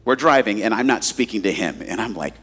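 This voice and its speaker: A man's voice: fairly low pitch, lively intonation, brisk, a bit bright, faint music behind. A man in his forties preaching a sermon as a pastor, telling candid, self-mocking stories and addressing the crowd as guys.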